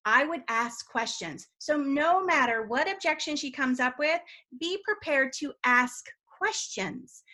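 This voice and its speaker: Bright-voiced chatty woman sales coach. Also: high-pitched. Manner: chatty, addresses listeners with questions. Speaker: direct sales trainer. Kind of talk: conversational training talk.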